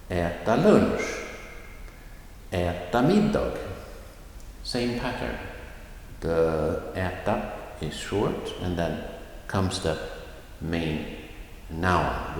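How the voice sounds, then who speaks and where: A Swedish man teaching a language lesson, slowly modeling phrases with clear stress. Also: low voice, a little hiss or hum. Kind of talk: recorded video lesson. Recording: echoey room with long reverb.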